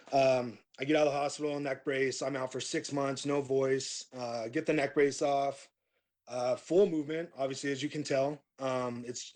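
Relaxed and meandering, a metal vocalist in middle age swaps stories about his past on a podcast, peppering his talk with fillers and false starts. His voice is a typical mid-range male pitch.

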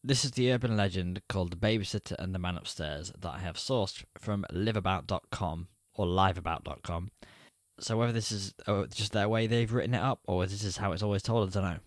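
A man's voice: low voice, fairly quick, dry recording, clean studio sound. A man co-hosting a podcast, chatting casually in a wry, teasing way and reading a story aloud. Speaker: podcast co-host. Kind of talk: casual chat.

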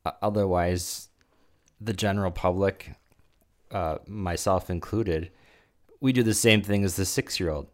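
A man co-hosting a faith-based conversation, speaking haltingly and repeating words as he thinks. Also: low voice.

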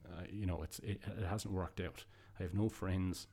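A man voicing a discouraged young male newspaper photographer from a comic book, in his own low voice, hesitant and downcast. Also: fairly even intonation, moderate pace, warm tone.

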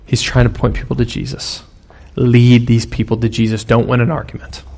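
Gravelly conversational male preacher. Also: medium pitch, little pitch movement, fairly quick, darkish tone. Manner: conversational, storytelling preacher with sudden bursts of emphasis. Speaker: pastor. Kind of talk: sermon.

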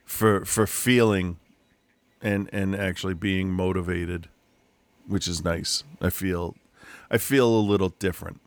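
Middle-aged guy, lowish voice, dry close sound, rambling chatty podcast stories from home. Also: steady tone, a little slow, no room sound. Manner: rambling storyteller, frequent restarts and laughs. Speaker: podcast co-host. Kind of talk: casual chat. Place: home room.

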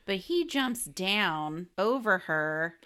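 A woman's voice: medium pitch, lively intonation, slow, bright, forceful tone, clear, resonant tone. A woman co-hosting a casual movie podcast, giggly and teasing her partner. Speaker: podcast co-host.

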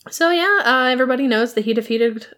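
A woman's voice: fairly high pitch, expressive, fairly bright tone. A woman casually recapping a film plot, chatty and laughing often. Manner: chatty, laughs often, acts out lines in quick asides. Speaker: podcast co-host recapping a film. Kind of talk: casual chat.

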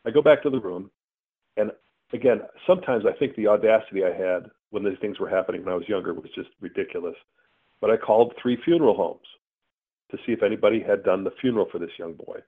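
A middle-aged man, a guest telling a personal story in an earnest, animated way. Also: on the low side, fast, breathy edge. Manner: earnest, animated storyteller acting out his own asides. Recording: tinny phone-line sound.

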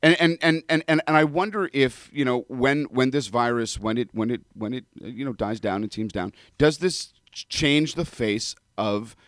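A man from Canada with a mixed Canadian accent tinged with New York, a rabbi co-hosting a radio show, speaking loudly and passionately with frequent restarts. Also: mid-range voice, moderate pace, few pauses, no room sound, studio quality. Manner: passionate, loud talker with many restarts. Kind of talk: casual radio talk show chat. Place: radio studio. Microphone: studio microphone without windscreen.

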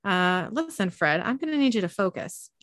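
A woman's voice: medium pitch, big pitch swings, normal speed, fairly bright tone, no echo, studio quality. A woman reading the lines of an earnest young man who coaxes and pleads, in her own voice. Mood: urgent.

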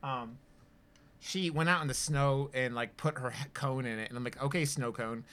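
A man's voice: mid-range voice, moderate pace, fairly bright tone. A man co-hosting a horror podcast in loose casual chat, rambling with lots of fillers and swearing. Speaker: podcast co-host.

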